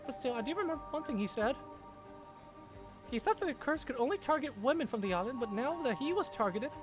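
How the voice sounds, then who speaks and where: A man's voice: very high-pitched, animated, fast, music in the background, voice pushed up. A man voicing a shaken young woman who survived an island curse, reading visual-novel dialogue in an earnest, urgent way.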